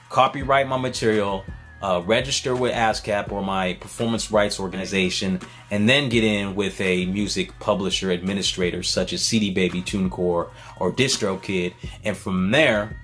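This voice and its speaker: A man's voice: on the low side, fairly bright tone. A man vlogging in a casual, earnest way, thinking aloud with many fillers and restarts. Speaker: vlogger, beat maker.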